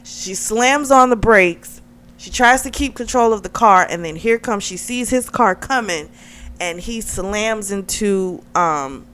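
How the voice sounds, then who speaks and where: A woman reviewing a book, retelling the plot in a chatty, animated way and often saying "like". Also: fairly low pitch, smooth. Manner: chatty and animated, heavy use of "like", laughs often. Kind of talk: casual plot recap.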